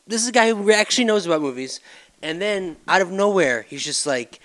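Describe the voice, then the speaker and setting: Man, podcast host, somewhat high voice, animated storyteller. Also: quick pace. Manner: animated storyteller, acts out quotes. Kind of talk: casual chat.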